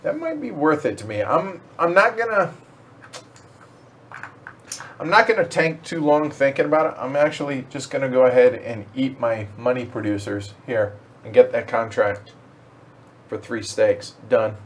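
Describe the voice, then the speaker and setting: A man's voice: medium pitch, animated, normal speed, slight background noise. A man hosting a board game stream, chatting casually and explaining the rules to the other players as they play. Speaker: host teaching and playing a board game. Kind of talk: casual game-table chat.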